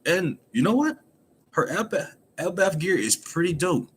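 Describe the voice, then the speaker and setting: A man's voice: high-pitched, moderate pace, slight background noise. Laughing man recapping a comic chapter. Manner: animated, laughs often, acts out quotes. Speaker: anime chapter reviewer, streamer. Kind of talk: casual chapter recap on stream. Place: home room.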